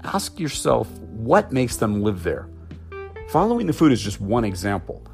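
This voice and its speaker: A man's voice: fairly low pitch, very animated, normal speed, gravelly, soft background music. A man giving a thoughtful, musing explanatory talk about aquarium keeping, posing rhetorical questions as he goes. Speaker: aquarium hobby educator.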